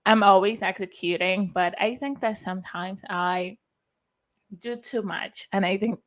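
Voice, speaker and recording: A woman speaks at a conference she organized, her voice sitting at an ordinary middle pitch. She talks with open, effusive emotion, often restarting her sentences as her feelings catch up with her. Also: measured pace. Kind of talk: heartfelt conference talk.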